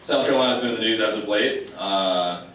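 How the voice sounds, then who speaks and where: A man doing a stand-up comedy set on a club stage with a live audience, animated and shouting his punchlines. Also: on the low side, fairly quick. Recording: echoey club, distant mic, crowd noise. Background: audience laughter.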